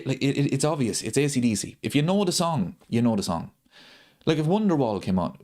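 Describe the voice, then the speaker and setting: Very animated and fairly quick, a man with a mid-range, slightly mellow voice hosts a football watchalong live stream. He rants and keeps repeating his points for emphasis.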